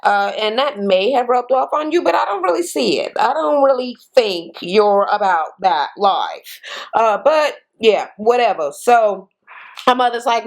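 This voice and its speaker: A woman's voice: a little high, expressive, measured pace. A woman recapping a reality show in a casual, chatty way, blunt and swearing freely, with lots of "you know" and "uh".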